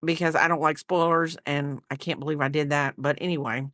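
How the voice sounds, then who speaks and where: Chatty middle-aged woman vlogger, low voice, dry close sound, rambling casual chat. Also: steady tone, brisk, a bit bright, dry recording. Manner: rambling, chatty, many fillers and asides. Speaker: crochet vlogger. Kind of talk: casual chat while crocheting.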